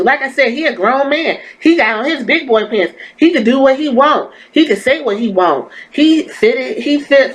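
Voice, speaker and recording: Woman podcast host, slightly high voice, blunt and profane, ranting commentary. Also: a little hiss or hum, poor audio.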